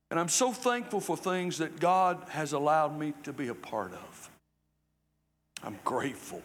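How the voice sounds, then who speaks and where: Older preacher in a reverberant church hall. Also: male voice, high voice, a bit bright. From South Carolina, USA. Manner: folksy, conversational preaching with humor. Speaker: guest preacher. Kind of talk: sermon. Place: church sanctuary.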